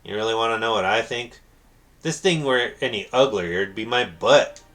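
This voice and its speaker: A man voicing a rude, brash young male bandit with a gruff, crude manner. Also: lowish voice, normal speed, fairly bright tone, natural voice.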